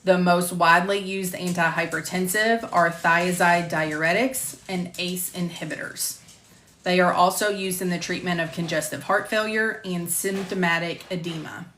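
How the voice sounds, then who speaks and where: A woman instructor reading lecture material on drugs at a measured pace, stopping to correct herself and chat. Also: lowish voice, fairly even intonation, a bit bright, reverberant, a little hiss or hum. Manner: measured, careful reading of drug terms, self-correcting. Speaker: medical coding instructor. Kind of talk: recording lecture narration, with casual asides. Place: home room with door closed.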